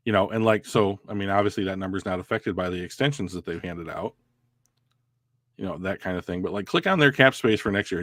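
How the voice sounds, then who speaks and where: A man's voice: lowish voice, fairly bright tone, no echo, clean studio sound. A man co-hosting a podcast in casual chat, rambling with many fillers and restarts. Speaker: podcast co-host. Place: home.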